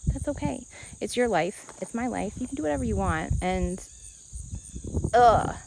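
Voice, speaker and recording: A woman's voice: medium pitch, expressive, normal speed, gravelly, noisy background. A woman vlogging outdoors on her homestead, talking candidly and with animation to the camera, laughing often. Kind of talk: casual talk to camera.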